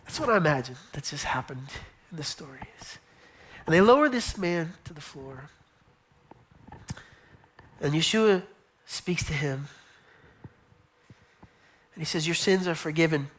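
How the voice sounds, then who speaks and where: A woman's voice: deep voice, lively intonation, unhurried, pauses often, slightly rough. A woman preaching a sermon, telling a scene with vivid retelling, drops to whispers for imagined dialogue, and often repeats and restarts her phrases. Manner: storytelling, acting out scenes with whispered asides.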